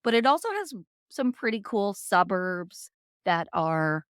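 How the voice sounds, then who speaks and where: A woman co-hosting a true crime podcast, reading case details in a steady voice at a middle pitch. She is recorded close and dry, with no room sound. Between the read passages she chats and agrees emphatically. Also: measured pace, smooth, dry recording. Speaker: podcast co-host.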